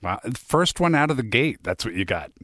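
A man hosting a podcast, narrating in a measured way and chatting casually, with an occasional joke. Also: medium pitch, very animated, a bit bright, no room sound, clean studio sound. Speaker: podcast host. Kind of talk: interview and scripted narration.

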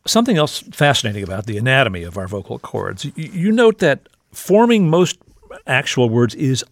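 A male interviewer with a mid-pitched, gravelly voice asks his guest questions in a curious, conversational way. The sound is dry and close. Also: sing-song, normal speed, no room sound. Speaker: interviewer host.

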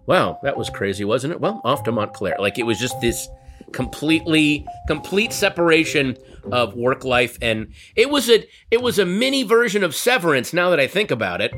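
A man telling a comic story in an animated, wry way, building tension. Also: fairly high pitch. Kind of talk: comedic storytelling. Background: guitar music.

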